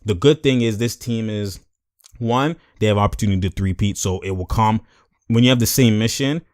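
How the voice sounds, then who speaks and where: With a fairly low voice at a moderate pace, a young man does casual video commentary, animatedly dissecting a basketball clip in slang and acting out what the players said. The recording is dry and studio quality.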